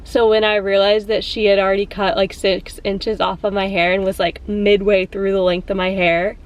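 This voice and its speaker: A woman's voice: mid-range voice, little pitch movement, normal speed, dull audio. A young woman vlogging to camera, rambling with lots of "like" and close to tears. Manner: rambling, emotional, frequent "like" fillers. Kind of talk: casual vlog talk to camera.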